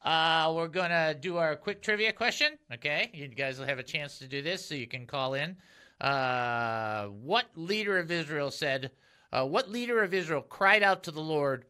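A man's voice: on the high side, normal speed, clear, resonant tone. A man hosting a casual Christian radio show in a studio, joking and laughing often with his co-host and callers. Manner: jokey, laughs often, animated.

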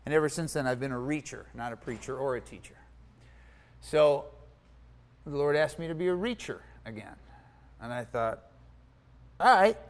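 A man preaching from his own story, his voice sitting a little high for a man. He acts out what he thought at the time and swings between loud, punchy lines and near-whispers. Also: smooth. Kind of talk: sermon testimony.

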